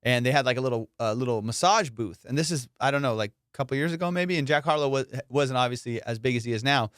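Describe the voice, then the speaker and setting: A man's voice: mid-range voice, fast, a bit bright, smooth, no echo, studio quality. A male comedian hosting a podcast, rambling and swearing in casual comedic banter, slipping into silly voices.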